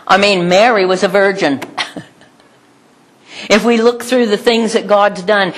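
An older woman preaches a sermon in a husky voice at a middle pitch. She is animated and breaks into laughter often. She keeps turning to the congregation with rhetorical questions. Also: a little slow, long pauses. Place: church hall with congregation.

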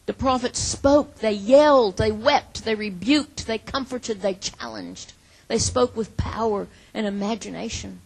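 A woman preaching a sermon in an earnest, emphatic way, acting out imagined prayers and dropping from loud to hushed. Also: fairly high pitch, a little slow, vocal fry, breathy edge, poor audio.

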